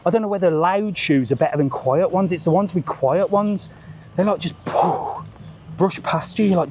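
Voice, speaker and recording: Vlogger, blunt sweary rants, slightly high voice, phone held outdoors, faint hiss. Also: male voice, a little fast, a little mellow. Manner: blunt, sweary, joking, ranty. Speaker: vlogger and tour seller. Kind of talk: live-streamed walking rant. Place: outdoor seafront street.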